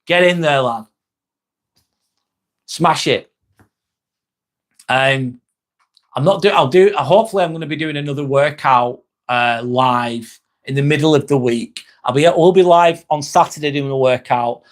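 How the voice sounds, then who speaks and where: Here a young male host chats on a casual livestream, reading viewer comments aloud and answering them reassuringly. His voice sits at medium pitch and moves at a normal speed.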